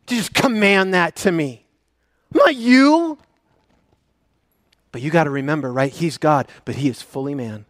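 A man preaching a sermon as a pastor, swinging between loud, raised questions and soft, low passages. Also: sing-song, moderate pace, no echo, clean studio sound.

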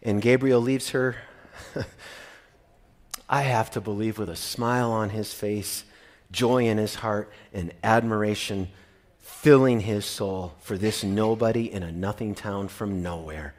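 A man from Minnesota preaching a sermon, animated and shifting between loud emphasis and quiet asides. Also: lowish voice, slow. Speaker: pastor.

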